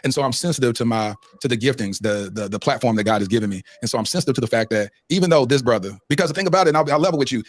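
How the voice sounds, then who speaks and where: A man's voice: medium pitch, rapid-fire, few pauses, no room sound. A man hosting a podcast, speaking earnestly and emotionally in a preacher-like way, leading into a prayer. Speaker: podcast host.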